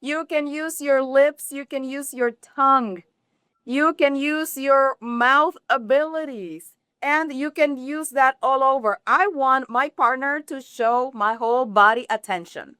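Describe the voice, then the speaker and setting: Woman, high clear voice, frank and direct, dry close sound. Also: unhurried, bright, forceful tone, dry recording. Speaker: co-host, sex expert. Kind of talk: advice talk.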